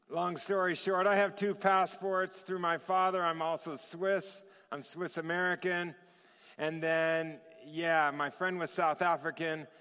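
Lively man preaching in a reverberant hall. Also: fairly high pitch, clean tone. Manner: lively, chuckles often, acts out quoted dialogue. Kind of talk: sermon storytelling.

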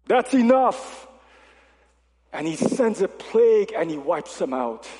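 A male pastor preaching a sermon in a lively, conversational way, with jokey asides to the congregation. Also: on the high side, moderate pace. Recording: long reverb of a large hall.

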